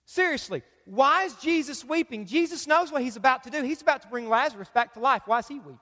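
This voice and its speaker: A man preaching a sermon as pastor, emphatic and repetitive, building up to shouts. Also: very high-pitched, lively intonation, fast. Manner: emphatic preaching, repeats phrases, rises to shouts. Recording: long reverb of a large hall.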